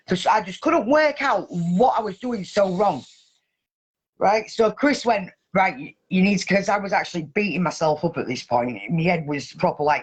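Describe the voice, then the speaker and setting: A woman hosting a casual chat, telling a story in an animated way and swearing heavily. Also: lowish voice, moderate pace, husky. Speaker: podcast host.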